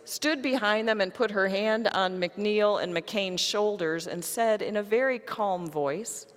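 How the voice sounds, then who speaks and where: A woman pastor delivering a sermon, telling a story to her congregation in a measured way. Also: medium pitch, long reverb tail.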